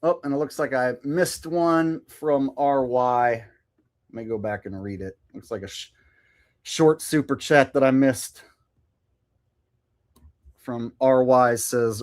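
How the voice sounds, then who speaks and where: A man's voice: mid-range voice, takes it slowly, pauses often. A man hosting a livestream, chatting casually and a bit sarcastically while reacting to news clips and reading viewer messages. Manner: chatty, sarcastic, loose and animated. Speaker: livestream host. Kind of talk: casual commentary reading viewer super chats.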